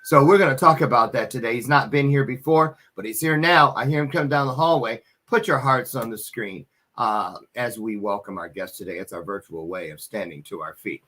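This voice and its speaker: A man's voice: mid-range voice, a little fast, hardly any pauses, sharp tone, slight background noise. A man hosting an interview show, chatty and joking, with frequent restarts and fillers. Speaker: podcast host. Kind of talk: casual interview chat.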